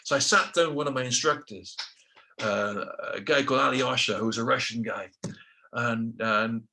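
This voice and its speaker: A man's voice: mid-range voice, normal speed, vocal fry, bright, forceful tone. A middle-aged man with a British accent telling his own story casually, acting out quotes with self-deprecating asides. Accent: British English.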